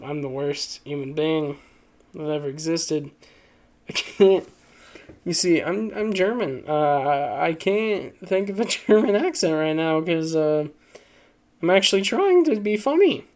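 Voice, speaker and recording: A man's voice: on the high side, animated, takes it slowly. A man casually reacting to online posts, rambling and joking. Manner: rambling, joking, lots of fillers and laughs. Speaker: video creator.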